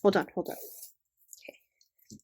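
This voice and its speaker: An older woman chatting quietly and fondly as she unboxes stickers and tape, keeping her voice down. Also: takes it slowly. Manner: hushed, gushing, fond. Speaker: vlogger. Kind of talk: casual unboxing chat.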